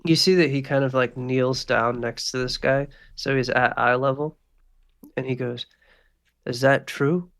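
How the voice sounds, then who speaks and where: A man's voice: mid-range voice, steady tone, normal speed, vocal fry, a bit bright. Casual man narrating as game master. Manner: casual, filler-heavy narration.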